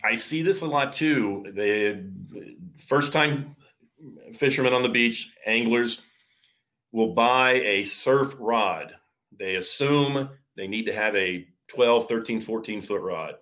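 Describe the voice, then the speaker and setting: A man's voice: medium pitch, slow pace, fairly bright tone. A man from Florida who guides surf fishing charters, giving easygoing interview answers full of fillers and restarts. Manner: easygoing, explains with many fillers.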